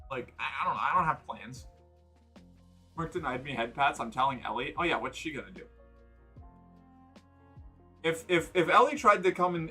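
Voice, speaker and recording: A man's voice: a little high, pushed and bright, breathy edge. A man from New England streaming casually from the floor, rambling through chat with lots of fillers and restarts. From New England, United States. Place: indoors, sitting on the floor.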